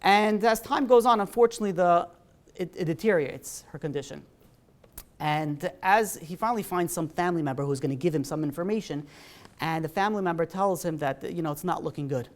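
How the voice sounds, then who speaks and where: A man, a rabbi, telling a story in a sermon in a casual, animated way, full of "you know" and "like". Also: on the high side, fairly quick.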